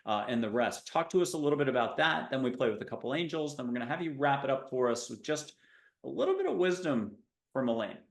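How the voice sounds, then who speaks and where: A man's voice: mid-range voice, sing-song, fast, vocal fry. Male host, enthusiastic and rambling, midrange voice, roomy echo. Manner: enthusiastic, rambling, playful wordplay. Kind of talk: enthusiastic spiritual talk show chat.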